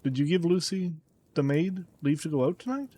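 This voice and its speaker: A man's voice: on the high side, animated, normal speed, warm tone. A man voicing an anxious young daughter. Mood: worried.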